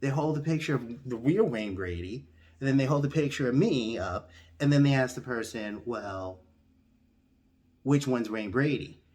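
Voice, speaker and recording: A man telling a comedic story, shooting up into a high outraged squeal whenever he quotes himself. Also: a little fast. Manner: animated, jumps to a high-pitched outraged squeal when quoting himself.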